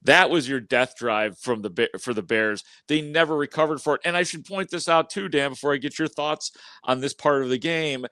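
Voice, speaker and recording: A man's voice: mid-range voice, moderate pace, pushed and bright, no room sound. Man recapping a football game. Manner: conversational, recapping plays with frequent restarts. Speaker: podcast co-host. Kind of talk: postgame sports talk.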